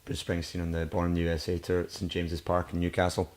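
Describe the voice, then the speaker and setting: A man's voice: low-pitched, monotone, quick pace, darkish tone. A man hosting a podcast, chatting casually with a guest and teasing him with dry jokes. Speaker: podcast host. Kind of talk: casual chat.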